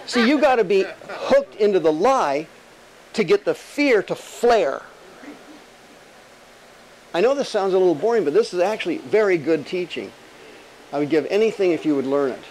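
Animated preacher with a higher voice. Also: male voice, moderate pace, long pauses, a little hiss or hum, poor audio. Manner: animated, emphatic, joking, rhetorical questions. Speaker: pastor. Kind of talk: sermon.

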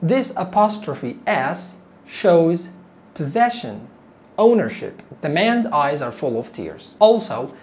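Woman teaching english real slow, repeats each word, lots of ups and downs. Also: deep voice, very animated, darkish tone. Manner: repeats words slowly for learners; teacherly, asks learners questions. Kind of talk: slow, deliberate ESL lesson.

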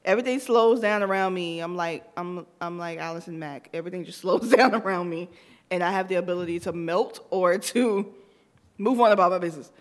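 A woman in her thirties, co-hosting a podcast, telling a story in casual chat with lively acted-out quotes. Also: fairly low pitch, fairly quick. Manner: animated, tells stories with acted-out quotes. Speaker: podcast co-host.

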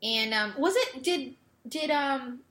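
Woman, casual recap, exasperated and chatty, bright tone with a somewhat high pitch. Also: animated, slow. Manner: exasperated, filler-heavy storytelling. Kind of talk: casual chat recapping a show.

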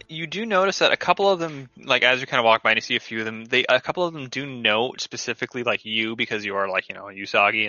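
Brief: male game master, casual and chatty, bright voice, dry muffled lo-fi audio. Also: mid-range voice, dry recording. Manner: casual, laughing, filler-heavy narration. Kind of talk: narrating a tabletop game.

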